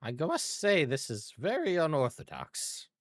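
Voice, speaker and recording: A man's voice: on the high side, huge pitch swings, moderate pace, no room sound, studio quality, voice pushed up. A man voicing a flustered, fussy old parent who is taken aback.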